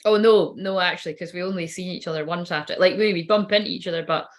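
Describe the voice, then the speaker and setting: A woman's voice: fairly low pitch, fairly even intonation, fast talker. A woman telling a personal story in a casual, rambling way, swearing freely and laughing often. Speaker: spiritual reader.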